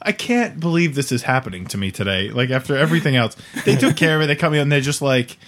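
With a mid-range voice and fast delivery, a podcast host spins an embarrassing anecdote in loose, comic fashion. He's animated and laughing, acting out the dialogue of everyone involved.

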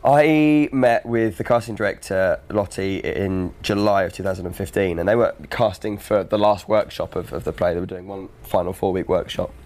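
Measured young man, lowish voice. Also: fairly even intonation, darkish tone. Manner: measured, filler-laden recounting. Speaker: actor guest. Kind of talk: casual interview chat.

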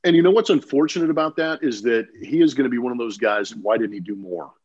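A man's voice: medium pitch, quick pace, breathy edge, dull audio. A man who is a former ballplayer, co-hosting a podcast in casual sports chat and telling stories with animation. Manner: storytelling, animated when telling anecdotes.

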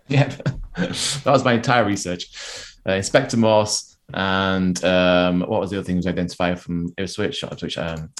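Deep-voiced man in casual chat. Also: fairly even intonation, moderate pace. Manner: chatty, self-deprecating, laughs often. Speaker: podcast co-host. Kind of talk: casual football podcast chat.

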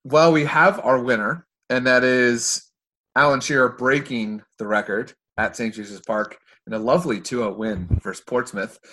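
A man's voice: medium pitch, bright, forceful tone. A man hosting a casual sports podcast, loose and jokey, stumbling over his words now and then. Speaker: podcast host.

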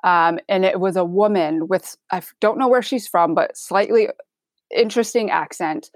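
This chef guest is being interviewed, and she talks in a relaxed, candid, chatty way with plenty of fillers. She's a Michigan woman with a half Midwestern accent. Her voice is medium in pitch, her speed normal, and there's no echo.

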